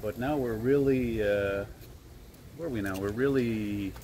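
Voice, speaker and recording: In an unhurried, low, somewhat dark voice, a Canadian man vlogs while strolling a city street, handheld camera in front of him. Light traffic hums behind his chatty, filler-heavy ramble as he drifts from topic to topic.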